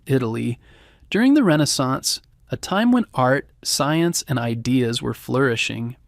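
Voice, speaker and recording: A man narrating a bedtime history story in a calm, soothing, scripted way. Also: mid-range voice, no echo, studio quality.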